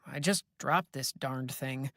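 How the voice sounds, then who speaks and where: An older father, voice trembling yet terse, brushing off questions he would rather not answer, as the narrator plays him. He speaks slowly and low. The sound is close and dry. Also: gravelly, a bit bright, no echo. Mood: shaken. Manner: trembling, curt. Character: shaken older father, gruff.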